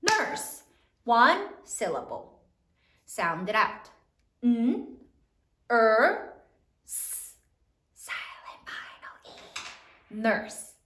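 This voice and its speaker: A woman teacher leading a spelling lesson for third graders, slowly sounding out each letter and praising her students often. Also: sits high, fairly bright tone, roomy sound.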